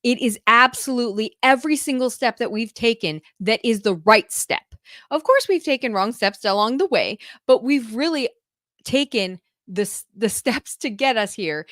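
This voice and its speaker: A woman's voice: on the high side, animated, moderate pace, fairly bright tone, dry recording, studio quality. A woman homeschool mentor talking casually to her viewers, gushing and effusive, often breaking into laughter. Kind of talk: casual talk to camera.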